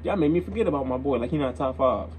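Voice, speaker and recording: A man's voice: medium pitch, animated, quick pace, a little mellow, a little hiss or hum, poor audio. A young man hosting a reaction video, talking in a casual, slangy way and repeating himself as he gets worked up.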